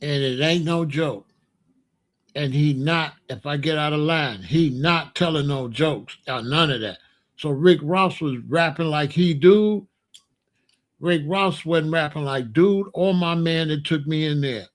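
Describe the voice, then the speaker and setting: A man's voice: fairly high pitch, measured pace. A man telling a street story in a repetitive, emphatic monologue. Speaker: podcast host.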